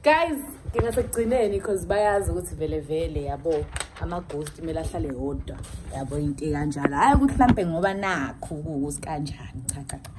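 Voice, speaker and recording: A woman's voice: low-pitched, animated, fast talker. A young woman, chatting casually to her phone camera in a hotel and switching between English and isiZulu. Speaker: vlogger. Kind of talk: casual vlog talk to camera. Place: hotel room and lobby. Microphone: handheld phone. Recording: noisy phone recording.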